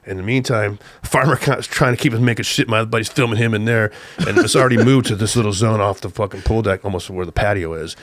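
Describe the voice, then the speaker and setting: An older man from Southern California, a guest telling an excited, profane story, acting out the shouts of the people in it. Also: lowish voice, quick pace, few pauses, no echo. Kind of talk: animated storytelling on a podcast.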